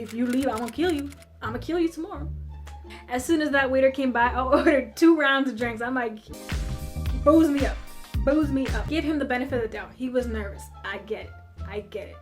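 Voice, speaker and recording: A young woman with a high, bright-sounding pitch retells a story for her viewers. She is chatty and emphatic, turning to the audience with asides. Music plays clearly underneath her voice. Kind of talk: animated story time narration.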